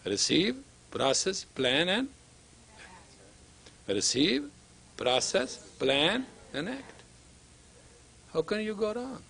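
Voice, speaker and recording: A man's voice: sits high, big pitch swings, drawn-out words, vocal fry, pauses often, sharp tone, slight background noise. A man lecturing as a spiritual teacher, emphatic and repetitive, sometimes dropping to a whisper for emphasis. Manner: emphatic, repetitive, acts out dialogue. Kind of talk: lecture to students.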